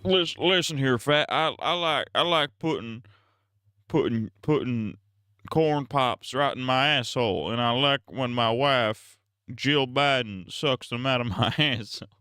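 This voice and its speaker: A man's voice: medium pitch, bright, forceful tone, smooth, dry recording, studio quality. A man putting on the voice of a rambling, confused old male politician who stutters and restarts every phrase. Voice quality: stuttering, endless halting restarts.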